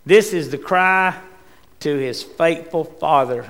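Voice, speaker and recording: Man preaching, gravelly and fairly high, echoing church hall. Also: takes it slowly. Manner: rising to impassioned cries, then dropping quiet. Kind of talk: sermon. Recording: long reverb in a church hall.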